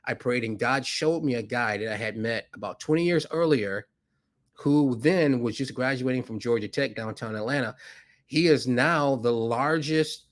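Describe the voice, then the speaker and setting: A man, a podcast guest who is a financier, telling a story with animated delivery and acting out voices in it. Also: moderate pace. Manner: acts out dialogue with rising pitch, laughs often.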